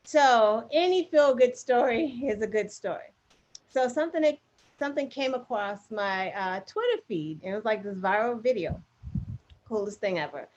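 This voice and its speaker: A woman co-host chatting casually, retelling a story in an animated, filler-heavy way. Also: a little high, normal speed. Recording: muffled lo-fi audio.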